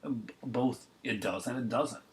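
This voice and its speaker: Brief: male reviewer, mid-pitched, loose and rambling, exasperated and jokey. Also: normal speed. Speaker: movie reviewer. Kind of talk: casual chat.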